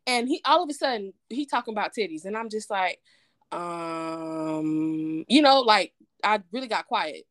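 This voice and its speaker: Animated woman telling a story. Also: medium pitch, fast, few pauses, no echo, clean studio sound. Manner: animated storyteller, quotes others in dialogue. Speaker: podcast co-host. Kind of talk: casual chat, storytelling.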